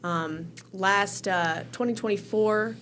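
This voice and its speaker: A woman's voice: mid-range voice, takes it slowly, fairly bright tone, slight background noise. A woman hosting a casual news chat show, rambling and filling gaps with "you know". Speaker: show host.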